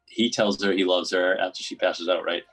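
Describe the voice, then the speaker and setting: Man, podcast host, casual rambling recap, acts out quotes, very low voice, faint music behind. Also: steady tone, normal speed, fairly bright tone, low-quality recording. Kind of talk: casual chat recapping a film.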